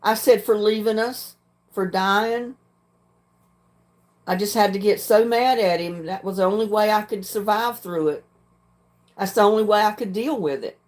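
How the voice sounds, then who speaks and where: Older woman, livestream host, plain frank talk, frequent throat-clearing. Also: medium pitch, a little fast, a little mellow. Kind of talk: casual chat reading viewer comments.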